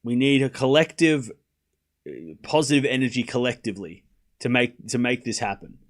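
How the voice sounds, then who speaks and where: A man's voice: mid-range voice, expressive, normal speed. A man hosting a live tennis watchalong stream, commentating on points and playfully scolding and pleading with his chat.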